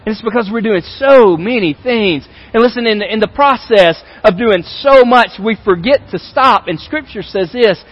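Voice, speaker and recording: High-voiced pastor preaching conversationally. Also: male voice, lively intonation, normal speed, few pauses, a bit bright, muffled recording. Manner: conversational, repeats phrases for emphasis. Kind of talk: sermon. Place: large church auditorium.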